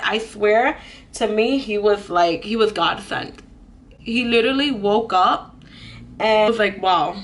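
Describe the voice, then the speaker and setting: A woman's voice: medium pitch, a bit bright, a little hiss or hum. A young woman telling a storytime vlog in an earnest way, full of "like" fillers. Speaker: vlogger.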